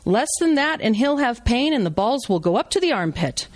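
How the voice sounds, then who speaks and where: A woman's voice: on the high side, very animated, normal speed, no echo. A woman reading aloud as a brash, joking male surgeon who is teaching a procedure. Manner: blunt, wisecracking, instructive. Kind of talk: reading a novel aloud to a live audience.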